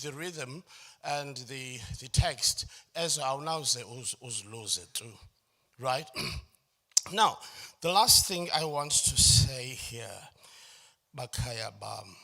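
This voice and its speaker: A man's voice: medium pitch, bright, forceful tone. A man leading a choral workshop, explaining phrasing step by step and singing short lines to show it. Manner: explains step by step, often asks "does it make sense?"; sings and hums phrases to demonstrate. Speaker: choral music workshop facilitator. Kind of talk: workshop lecture.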